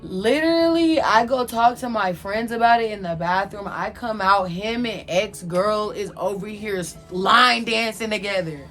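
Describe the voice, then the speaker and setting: A woman's voice: medium pitch, moderate pace, hardly any pauses, fairly bright tone. Young woman, casual storytime, slangy, candid, faint background music. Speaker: vlogger telling a personal story.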